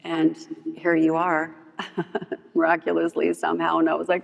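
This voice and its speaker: A woman's voice: normal speed, vocal fry, long pauses. A woman sharing her recovery story at a meeting, casual and candid, with lots of "like" fillers and playful acted-out dialogue. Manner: animated storyteller who acts out others' lines in a higher voice; frequent "like" fillers, candid and humorous. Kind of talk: personal testimony at a recovery meeting. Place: large meeting hall with long reverb. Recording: reverberant hall recording.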